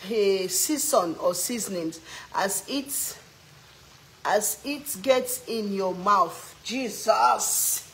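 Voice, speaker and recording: A woman's voice: mid-range voice, a little hiss or hum, low-quality recording. Playful African woman cooking and chatting. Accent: African English. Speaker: cooking vlog host. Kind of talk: casual cooking chat while reading viewer comments.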